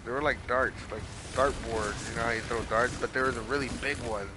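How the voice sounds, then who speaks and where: A man's voice: mid-range voice, fairly even intonation, fairly quick, noisy background. A man casually telling a long story while playing a video game, rambling with lots of swearing and fillers. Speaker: gaming streamer.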